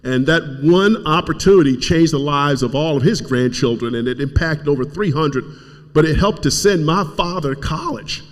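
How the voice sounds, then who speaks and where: A man's voice: a little high, animated, normal speed. A middle-aged man from Kentucky giving an emotional speech at a community event, fighting back tears as he urges the audience on. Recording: reverberant hall sound.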